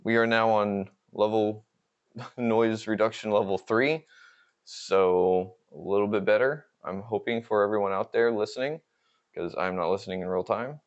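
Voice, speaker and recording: A man's voice: fairly low pitch, normal speed, highs cut off. A man hosting a casual product review of wireless microphones, chatty and upbeat with easy laughs. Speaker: podcast host reviewing microphones.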